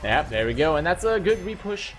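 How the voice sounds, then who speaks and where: A man's voice: a little high, very animated, brisk, faint music behind. A man giving color commentary on a video game match, rambling and self-correcting, with mock despair. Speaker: esports color caster.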